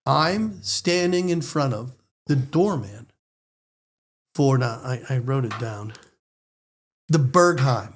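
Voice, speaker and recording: An American man telling a story in a lively, excitable way, speaking in quick bursts. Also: medium pitch, slight background noise. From United States. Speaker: storyteller guest. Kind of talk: animated storytelling.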